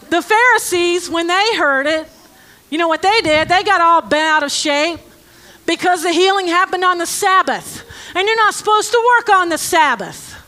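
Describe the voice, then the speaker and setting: A woman preaching a conversational sermon to a live congregation with children present. She reads scripture slowly and deliberately, then breaks in with joking, sarcastic asides. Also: very high-pitched, expressive, sharp tone. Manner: slow, deliberate scripture reading. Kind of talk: conversational sermon with Bible reading.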